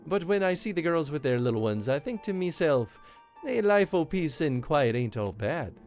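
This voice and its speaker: A man's voice: fairly high pitch, big pitch swings, normal speed, a little mellow, faint music behind, pitched above the performer's own voice. A man doing a brogue-thick pirate woman. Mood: wry. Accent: Irish. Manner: broad put-on brogue, folksy sailor's talk. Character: gruff seafaring pirate woman, sly and proud. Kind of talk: reading game dialogue aloud.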